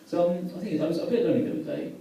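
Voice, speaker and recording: Brief: young male stand-up, deadpan absurd lines, lively pitch, heard from far off in an echoey club. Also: racing, a little hiss or hum. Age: young adult. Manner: deadpan absurd, chatty with the crowd. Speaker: stand-up comedian. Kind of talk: stand-up set. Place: comedy venue with a live audience. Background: audience laughter.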